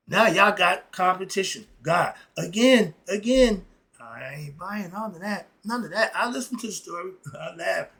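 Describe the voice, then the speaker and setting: A man's voice: high-pitched, vocal fry, a bit bright. A middle-aged man in a casual, blunt and preachy monologue, full of slang. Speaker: philosophy vlogger.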